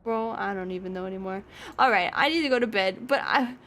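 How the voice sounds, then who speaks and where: A woman's voice: mid-range voice, fast talker, fairly bright tone, slight background noise. A young woman streaming a game, chatting casually, swearing, laughing and yelping when startled. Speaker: VTuber streamer. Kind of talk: casual gaming stream chat.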